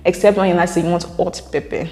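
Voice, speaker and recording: A woman's voice: lowish voice, little pitch movement, quick pace, darkish tone. A woman with a Nigerian accent, chatting casually as a vlogger and often laughing between points. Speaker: vlogger reacting to viewer comments. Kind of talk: casual chat. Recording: roomy echo with long reverb.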